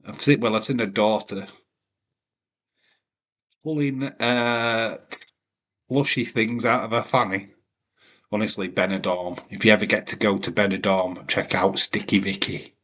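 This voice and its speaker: A man's voice: fairly low pitch, steady tone, unhurried, long pauses, bright, forceful tone. A man hosting a live watch-along stream, swearing freely and teasing his chat with mock offence. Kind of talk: casual live-stream commentary.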